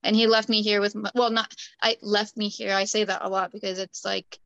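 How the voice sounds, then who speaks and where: A young woman with a bright, forceful voice tells a painful personal story as a client. She talks candidly and emotionally, often quoting others. The sound is dry and close. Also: mid-range voice, flat delivery, fairly quick, no room sound, muffled recording.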